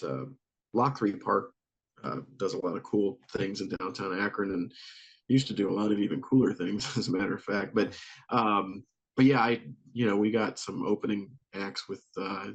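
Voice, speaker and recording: A man's voice: on the low side, gravelly. A middle-aged man from Northeast Ohio, a musician telling casual anecdotes with frequent laughter. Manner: laughs often, animated anecdotes with acted quotes. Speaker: musician guest. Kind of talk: casual storytelling.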